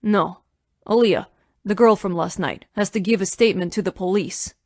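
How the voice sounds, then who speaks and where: A woman reading a commanding billionaire man in his thirties, protective and insistent, his lines pitched low and steady in a dry, close audiobook recording. He speaks calmly and firmly. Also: moderate pace, dry recording, close to an everyday voice.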